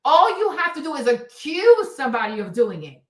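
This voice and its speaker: A high-voiced woman rants through a livestream commentary, swearing freely and hammering her points with repetition. Her voice rings around a hollow, echoey room. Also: big pitch swings, moderate pace. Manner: profane, emphatic, repeats herself for emphasis. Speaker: livestream host. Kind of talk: heated commentary rant.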